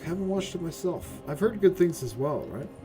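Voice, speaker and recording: With music in the background, a man whose voice is a little high comments casually at a moderate pace on the game he's streaming. He curses freely, gets excitable, talks to his chat, and keeps asking "right?".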